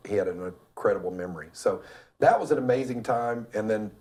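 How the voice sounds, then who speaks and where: A middle-aged man from Tennessee tells an anecdote as a talk show guest, in a voice that sits a little on the low side. He gets animated as he talks, restarts his sentences often, and slips into other people's voices along the way. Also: fairly quick. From Cleveland, Tennessee. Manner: animated storyteller who acts out other people's voices, with frequent stammered restarts. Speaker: guest, real estate developer. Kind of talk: casual storytelling in a talk show interview.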